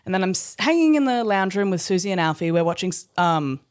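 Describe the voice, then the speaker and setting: Animated woman telling a story. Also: mid-range voice, fast, clean tone. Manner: animated, laughs through the story, swears casually. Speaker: podcast co-host. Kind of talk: casual storytelling chat.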